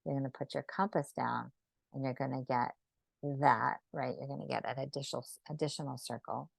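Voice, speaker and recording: A woman leading a live online geometry drawing lesson, speaking gently and unhurriedly and often checking in with "right?". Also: rumbling low, fairly even intonation, fairly quick, vocal fry, husky, no room sound. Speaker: sacred geometry teacher.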